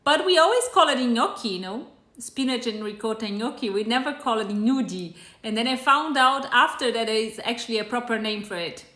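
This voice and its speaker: A woman's voice: on the high side, brisk, hardly any pauses, bright, forceful tone, reverberant. A woman with a Brazilian accent hosting a live cooking stream, chatting casually and greeting viewers by name. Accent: Brazilian Portuguese. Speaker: cooking show host.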